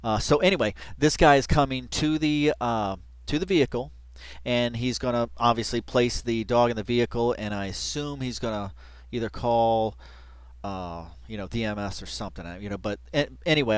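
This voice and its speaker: A man's voice: mid-range voice, clear, resonant tone, no room sound. A man giving casual reaction commentary, rambling with lots of fillers and bursts of laughter. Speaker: reaction video host.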